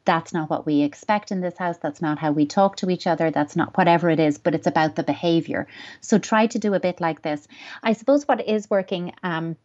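A woman gives parenting advice on a podcast. Her voice sits fairly low, and she speaks in a thoughtful, measured, reassuring way. The audio is a little dull and lo-fi. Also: a little mellow. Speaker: parenting expert. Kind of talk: advice podcast answering a listener question.

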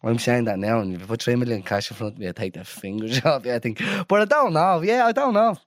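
A man's voice: medium pitch, fast talker, dry recording, studio quality. Playful young Irish man. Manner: playful, animated, laughs often. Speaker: podcast co-host. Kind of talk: casual banter.

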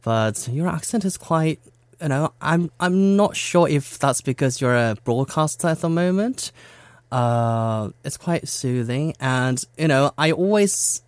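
A man's voice: on the high side, animated, unhurried, clear, resonant tone, dry recording. Chatty young Korean man, laughing often. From South Korea. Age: young adult. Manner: chatty, laughs often, many fillers like "like" and "you know". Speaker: interview guest. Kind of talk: casual interview chat.

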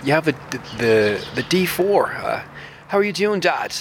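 A man's voice: a little high, sing-song, normal speed, noisy background, pitched above the performer's own voice. A young man from West Dublin putting on the voice of a chummy, carefree posh South Dublin young man with a lilting, upper-crust drawl. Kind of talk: acted impression in a radio interview.

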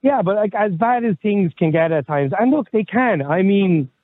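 A man's voice: high voice, animated, normal speed, no room sound. A man in his thirties co-hosting a podcast, chatting in a rambling, candid way and swearing casually. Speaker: podcast co-host. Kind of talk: casual chat. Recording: tinny phone-like line.

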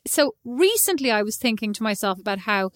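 A woman's voice: a little high, sing-song, a little fast, dry recording, studio quality. A young woman co-hosting a podcast who teases her co-host, laughs often and rambles through her own stories. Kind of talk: casual chat.

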